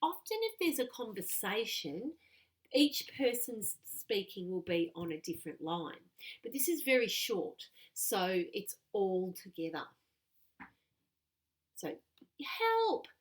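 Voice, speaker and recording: A woman teaching a lesson to young children, patient and clear. Her pitch moves a lot as she talks, animated and bouncy, and she reads example sentences aloud with expression. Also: measured pace.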